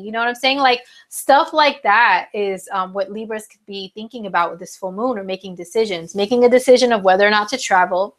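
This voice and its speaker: A woman's voice: mid-range voice, brisk, hardly any pauses, a bit bright. Chatty woman reading horoscopes live. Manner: chatty, lots of fillers and asides to chat. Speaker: astrology livestream host. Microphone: phone.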